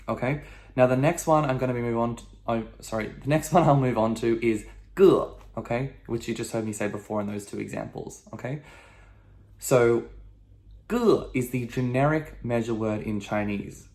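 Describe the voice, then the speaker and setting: A man's voice: mid-range voice, normal speed. A man who speaks English natively, patiently explaining a language lesson and often checking in with "okay?". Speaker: language teacher. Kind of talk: video lesson.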